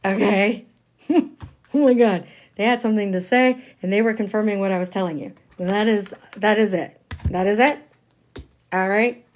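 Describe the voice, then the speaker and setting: A woman giving a live-streamed tarot reading, chatty and emphatic, dropping slang and swinging between hushed asides and excited outbursts. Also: mid-range voice, moderate pace. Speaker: tarot reader.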